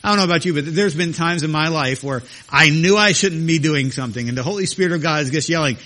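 A man's voice: on the high side, fast talker, pushed and bright. A man preaching a sermon as pastor, emphatic and repetitive, his voice jumping up when he acts out quoted voices. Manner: emphatic, repeats phrases, rises sharply for quoted voices.

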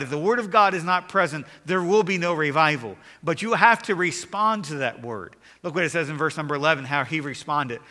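Bright-voiced preacher in a reverberant hall. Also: male voice, on the high side. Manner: preaches with rising emphasis, reads scripture aloud. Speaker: pastor. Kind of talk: sermon.

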